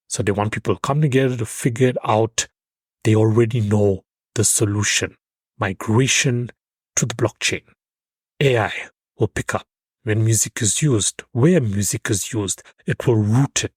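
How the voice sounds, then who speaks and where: A man's voice: fairly low pitch, husky, no room sound. A man hosting his own podcast, talking loosely and emphatically with fillers and restarts. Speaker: podcast host. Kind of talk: solo podcast commentary.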